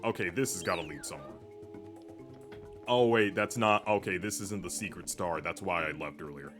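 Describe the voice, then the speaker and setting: A man's voice: low-pitched, moderate pace. Rambling young man over game music. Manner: rambling, filler-heavy chatter. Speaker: streamer. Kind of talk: casual gameplay commentary. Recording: music playing behind.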